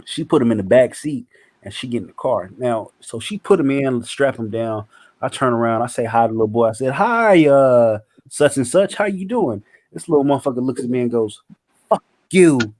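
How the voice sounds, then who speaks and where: Male podcast host, middle pitch, dry sound, animated profane storyteller. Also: fast talker, no room sound. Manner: animated, profane, acts out quotes. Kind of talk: casual storytelling.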